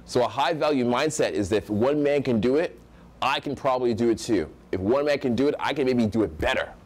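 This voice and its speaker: A man's voice: medium pitch, brisk. A young American man leads a live seminar on social skills, speaking in a mid-range voice that carries across the room. He talks with energy and makes his points by acting out how other people sound. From United States. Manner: energetic, projecting, acts out example voices.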